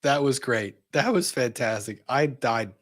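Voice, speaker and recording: A man's voice: medium pitch, animated, measured pace, a bit bright. A male host reading a legal filing aloud, breaking off for sarcastic asides. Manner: sarcastic asides between read passages.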